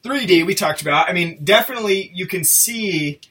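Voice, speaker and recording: A man's voice: sits high, animated, normal speed, pushed and bright, distant mic. A man co-hosting a casual movie review chat, rambling and self-interrupting as he talks, often laughing. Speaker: podcast co-host.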